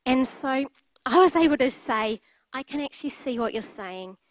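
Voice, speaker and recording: A woman's voice: sits high, lively intonation, normal speed, slight background noise, rough recording. A middle-aged woman preaching a sermon, telling personal stories in a candid way with light laughter.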